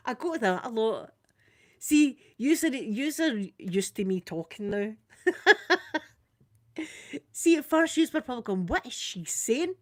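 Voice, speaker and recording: Chatty Scottish woman, soft ASMR talk. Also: a little high, expressive. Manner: chatty storytelling, quick, laughs often, soft-spoken. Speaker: ASMR creator doing makeup. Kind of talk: casual ASMR chat.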